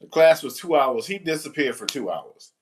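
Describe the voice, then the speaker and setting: Here a man's voice on the high side, animated and at normal speed, recounts a wandering story; a faint hiss or hum sits under it. He's a substitute teacher chatting to camera, annoyed but joking, with mild profanity.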